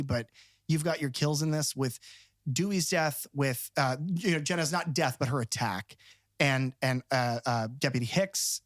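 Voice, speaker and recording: A man co-hosting a podcast, talking about movies in an animated, rambling, enthusiastic way. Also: a little high, no room sound, clean studio sound. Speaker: podcast co-host. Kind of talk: casual film discussion.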